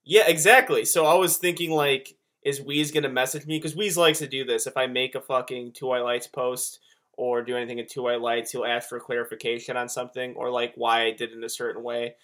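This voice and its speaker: A man co-hosting a podcast, chatting casually in a rambling, animated way. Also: medium pitch, brisk. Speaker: podcast co-host. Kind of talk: casual chat.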